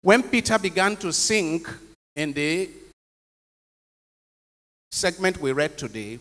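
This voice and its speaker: Priest preaching in a reverberant chapel. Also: male voice, on the high side, lively intonation, a little slow, pauses often, a bit bright. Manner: preachy, emphatic, asks the congregation questions. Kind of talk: homily.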